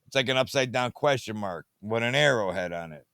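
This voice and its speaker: A man's voice: medium pitch, expressive, fairly quick, pushed and bright, clear, resonant tone, dry recording. Man, late-night movie review host, meandering casual talk, repeats himself, mid-range voice, dry sound. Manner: meandering, repeats catchphrases, easily sidetracked. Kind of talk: rambling casual monologue. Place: home at night, fiddling with a tablet.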